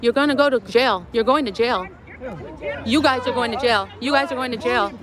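A woman shouting and swearing in agitation during a street confrontation. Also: a little high, fairly quick, a crowd in the background. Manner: yelling, profane, agitated. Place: city street at night.

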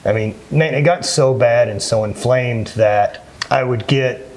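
Husky plainspoken man in his thirties. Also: medium pitch, a little slow. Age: 30s. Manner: plainspoken, earnest, with frequent restarts. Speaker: interview guest, former athlete. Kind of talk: candid conversational interview.

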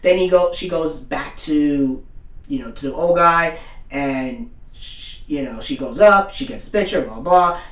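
A man with a somewhat high voice runs through an anime episode in a loose, slangy way, throwing in quick impressions of the characters. He sits back from the mic, so the voice sounds distant. The room around him is echoey. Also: expressive, fairly bright tone, lo-fi sound. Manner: loose slangy retelling, acts out characters' lines. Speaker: anime reviewer. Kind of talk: casual episode recap.

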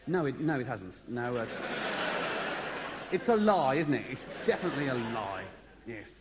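Rambling comedian, lively voice. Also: male voice, mid-range voice, normal speed, heavy background noise. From Birmingham, England. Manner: rambling, chatty anecdotes with asides to the audience. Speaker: stand-up comedian. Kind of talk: live stand-up storytelling. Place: stage in a large concert hall. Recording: echoey lo-fi live concert recording. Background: audience laughter.

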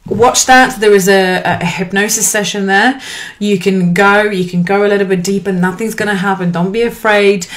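A woman in her thirties giving an earnest, encouraging motivational talk to camera as a life coach, with lively swings in pitch. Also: normal speed. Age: 30s.

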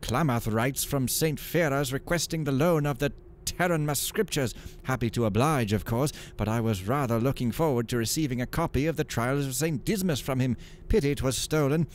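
A man's voice: medium pitch, moderate pace, few pauses, pitched above the performer's own voice, natural voice. A fretful old monk librarian mutters in old-fashioned speech, pious, fussy and a little pompous, as a man puts him on for a game. His voice sits a little raised over a faint hiss of background noise. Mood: fretful musing. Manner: archaic, musing, slightly pompous.

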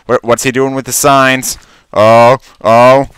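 A man's voice: mid-range voice, little pitch movement, takes it slowly, fairly bright tone, smooth, dry recording. A man giving casual, rambling commentary while playing a game, talking to himself and stammering when surprised. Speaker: Let's Play commentator.

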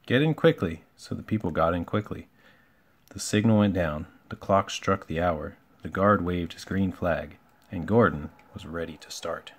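A man reading a children's picture book aloud in a relaxed, homely way, with small slips and asides. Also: deep voice, normal speed. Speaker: storybook reader.

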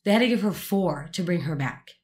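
A woman telling a story in casual family conversation, animated and acting out the people in it. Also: lowish voice, brisk. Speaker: guest relative.

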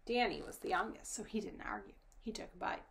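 A woman reading a children's storybook aloud, her narration soft and often dropping to a whisper. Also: medium pitch, a little fast, vocal fry.

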